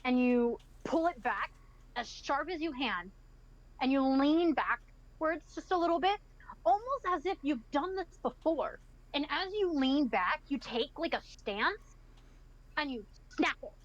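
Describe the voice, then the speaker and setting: A woman's voice: high-pitched, lively intonation, measured pace, highs cut off. A woman narrating a tabletop game as its game master, describing each scene vividly.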